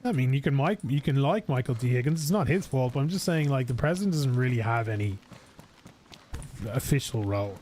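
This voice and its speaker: A man's voice: medium pitch, expressive, fairly quick, darkish tone, a little hiss or hum. A man with an Irish accent chatting casually and rambling while streaming a game. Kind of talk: casual gaming stream chat.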